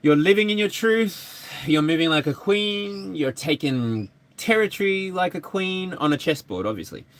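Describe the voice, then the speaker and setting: A man's voice: sits high, lively intonation, normal speed, few pauses. A man giving a live tarot energy reading, chatty and playful. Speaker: tarot reader.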